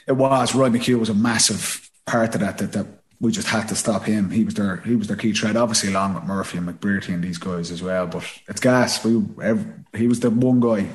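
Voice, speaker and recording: A man co-hosting a football podcast, talking in relaxed chat with joking asides. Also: fairly low pitch, fairly quick, few pauses. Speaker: podcast co-host, former player. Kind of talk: casual chat.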